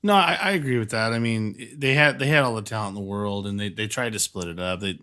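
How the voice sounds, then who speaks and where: Chill co-host guy, lowish voice but bright and forceful, just agreeing along. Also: quick pace. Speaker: podcast co-host. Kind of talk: casual podcast chat.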